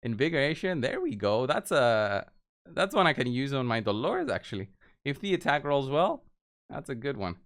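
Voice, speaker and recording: A man's voice: mid-range voice, big pitch swings, moderate pace. A man giving casual gameplay commentary, walking viewers through each move step by step. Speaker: game video creator.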